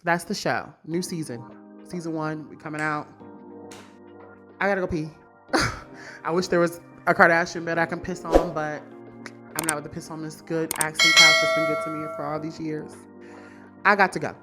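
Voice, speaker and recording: A woman's voice: deep voice, steady tone, moderate pace, pauses often, music in the background. A woman hosting a solo celebrity gossip podcast, blunt, profane and brassy, hammering her points home by repeating them, seated on a couch indoors. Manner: repeats lines for emphasis. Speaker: podcast host.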